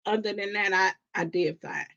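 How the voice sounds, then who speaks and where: A woman hosting a live stream from home, chatting casually with viewers in a chatty, animated way with lots of restarts. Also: mid-range voice, normal speed, vocal fry. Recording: dull lo-fi stream audio.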